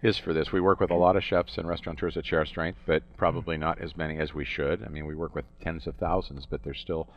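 A man hosting a conversational interview, asking brisk, prompting questions. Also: rumbling low, flat delivery. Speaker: host and campaign leader. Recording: dull lo-fi sound.

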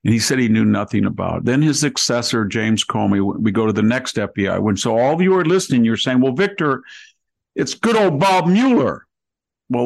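A man hosting a political podcast who piles up grievances in a sarcastic, rapid-fire way, recorded close on a studio mic. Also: on the low side, creaky, no room sound, low-quality recording. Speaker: podcast host. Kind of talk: political commentary conversation.

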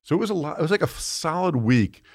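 A middle-aged man from New Jersey with a New Jersey accent, talking fast and telling animated stories in a casual chat as a guest. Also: on the high side, breathy edge, no echo, studio quality. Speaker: guest author.

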